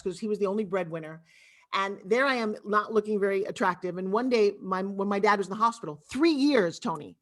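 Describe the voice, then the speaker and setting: A Long Island woman with a New York accent and a medium-pitched voice tells her life story as a guest on a video call interview. She's expressive and talkative, and her storytelling is animated.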